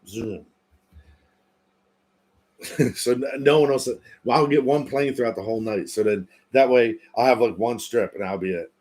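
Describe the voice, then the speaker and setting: A man in his thirties chatting casually and joking on his own livestream, swearing and laughing often. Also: mid-range voice. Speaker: livestream host.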